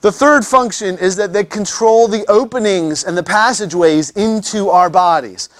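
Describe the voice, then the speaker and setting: A man's voice: sits high, normal speed, dry recording, studio quality. Joking man lecturing a class. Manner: joking, many restarts and repeated words. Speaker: anatomy teacher.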